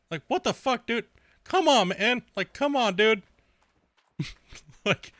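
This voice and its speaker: A brash young male game streamer with a bright, forceful voice pitched a little high for a man. He rambles through casual chat with plenty of filler words, swears freely, trash-talks and laughs often. The sound is dry and close. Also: lively intonation, unhurried, long pauses, no echo.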